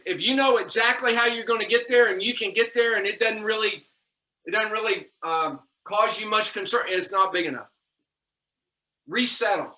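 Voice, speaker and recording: In an echoey room picked up by a distant microphone, a man with a high-pitched, pushed and bright voice delivers a homespun pep talk about leadership to his team. He's a leadership trainer who calls them y'all and keeps repeating himself.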